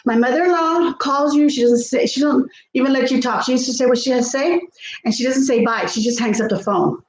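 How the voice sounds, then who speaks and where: Speaking a little fast, a chatty middle-aged woman from South Texas cooks at home and talks casually to her vlog viewers, often laughing as she reads their comments aloud. Her high voice echoes through the kitchen over a faint hum of ambience.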